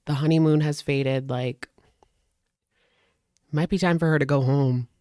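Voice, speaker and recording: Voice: medium pitch, fairly even intonation, a little slow, a little mellow, dry recording, studio quality. A host doing gossip reaction commentary, snarky and sarcastic about the clips being watched.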